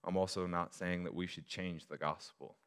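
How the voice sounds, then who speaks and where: A male pastor preaching a sermon to his church, moving from quiet reflection to loud, emphatic appeals. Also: low voice, fairly even intonation, moderate pace, creaky, clean tone.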